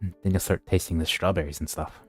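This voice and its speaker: A man's voice: low voice, steady tone, fairly quick, dry recording, soft background music. A man doing a chummy, glib restaurant manager. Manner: chummy, folksy. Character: breezy male fast-food manager, glib salesman.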